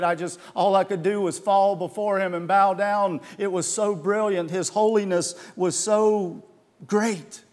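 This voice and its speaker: A man's voice: on the high side, long reverb tail. A man preaching a sermon as pastor, earnest and emphatic, often restarting his words.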